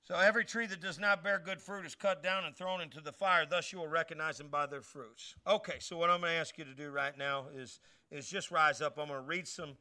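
Faint music plays behind an older man preaching as a pastor, his slightly high voice emphatic and conversational as it climbs into shouted peaks.

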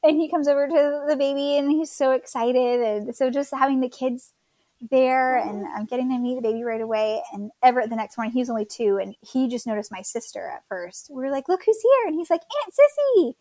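A woman's voice: high-pitched, brisk, dark tone, dry recording. A woman in her thirties from Florida casually telling her birth story as a guest, chatty with many fillers.

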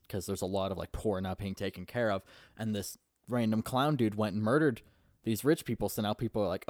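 A man's voice: lowish voice, steady tone, brisk, a little mellow, no room sound, clean studio sound. A young man casually recapping a movie in a rambling, profane way, full of fillers.

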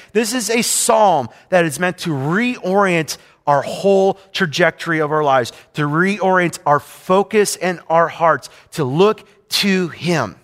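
A man's voice: high voice, fairly bright tone. A middle-aged male pastor preaching a sermon with emphatic, repetitive phrasing. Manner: emphatic, repetitive preaching with rising and falling intensity. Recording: long hall reverb.

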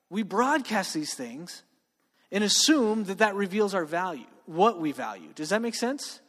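A man preaching a sermon to students in a casual, joking way. He often asks "right?" and slows down to stress key words. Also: high voice. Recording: long reverb of a hall.

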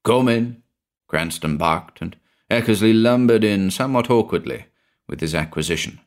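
Deep-voiced British male narrator. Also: expressive, normal speed. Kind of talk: scripted narration.

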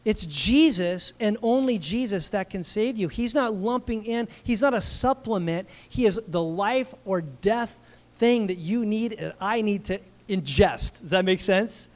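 A man's voice: high voice, lively intonation, unhurried. A man preaching an emphatic, conversational sermon, asking rhetorical questions and calling out "Amen?" to the congregation. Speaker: pastor.

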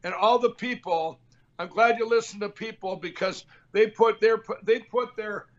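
A man's voice: sits high, fairly even intonation, moderate pace, muffled recording. A man hosting a political talk show, rambling and combative, repeating himself as he talks. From Minnesota. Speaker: show host.

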